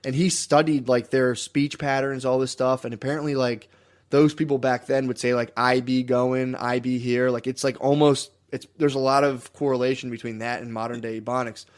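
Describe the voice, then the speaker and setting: A man's voice: mid-range voice, steady tone, a little fast. A man co-hosting a podcast, telling a story in a loose, rambling way with lots of fillers and restarts. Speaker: podcast co-host. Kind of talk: casual podcast chat.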